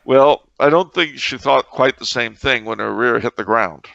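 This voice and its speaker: A man's voice: mid-range voice, moderate pace, vocal fry, a bit bright, dry recording, highs cut off. A man co-hosting a podcast in casual chat, a wry, sarcastic storyteller who bursts into sudden exclamations. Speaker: podcast co-host.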